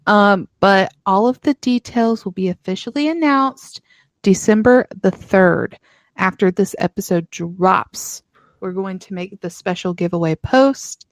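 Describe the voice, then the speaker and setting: A chatty woman with a Southern US accent co-hosting a podcast in casual chat. She speaks at an unhurried pace, often giggling, and the recording is dry and close. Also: mid-range voice, no room sound. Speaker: podcast co-host.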